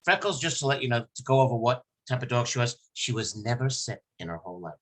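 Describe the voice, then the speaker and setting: A man hosting a casual podcast chat, telling an emotional personal story. His pitch sits in the ordinary middle for a man, and he rambles and restarts as he goes. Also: expressive, fast. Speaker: podcast host.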